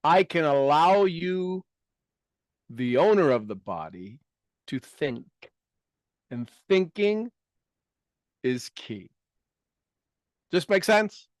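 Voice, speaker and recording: A man with a somewhat high voice leads a coaching talk, walking listeners through exercises. He asks rhetorical questions, repeats key phrases and often drops into quiet asides. The sound is dry, with no room echo. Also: big pitch swings, slow pace, long pauses. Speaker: speaker leading a self-help talk.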